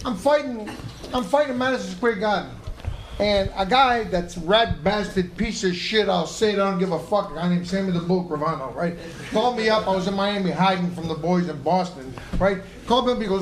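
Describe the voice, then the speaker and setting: Brief: high-voiced man rattling off a salty yarn at speed, live club echo. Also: slight background noise. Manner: rapid, profane, animated storyteller. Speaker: guest, former boxer. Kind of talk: live podcast storytelling. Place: comedy club stage. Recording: echoey live club room.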